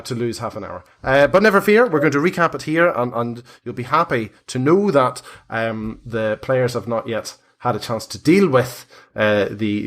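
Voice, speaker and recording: A man running a tabletop game, recapping casually with lots of hesitant fillers. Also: mid-range voice. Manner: hesitant, many fillers, friendly. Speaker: game master.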